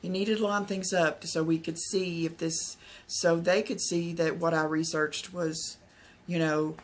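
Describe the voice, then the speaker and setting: A woman's voice: fairly low pitch, flat delivery, a little slow. A woman from Texas, telling a personal story to camera in a rambling way, full of fillers and restarts. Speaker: vlogger.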